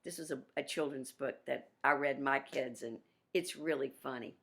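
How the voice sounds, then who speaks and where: A woman piano teacher giving a workshop over a video call, chatty and animated, with restarts. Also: a bass voice, normal speed.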